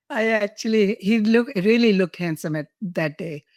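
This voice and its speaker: A woman's voice: mid-range voice, takes it slowly, dry recording, studio quality. An older woman from India, a guest telling personal stories in an interview, laughing and emotional at times. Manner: warm, laughing, emotional storytelling.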